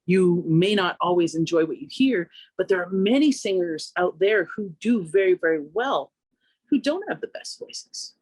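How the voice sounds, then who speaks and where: A woman singer from Canada talking through her craft in a relaxed radio interview, reflective and conversational, lifting her pitch when she quotes herself. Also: moderate pace, no room sound. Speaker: singer and vocal coach, interview guest.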